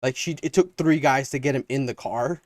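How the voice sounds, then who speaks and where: A young man on a podcast spins a long, rambling story and slips into his friends' voices for their lines. His pitch sits at a medium height. The recording is dry and close, with no room sound. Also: fairly quick, dry recording. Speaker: podcast co-host. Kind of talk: casual storytelling chat.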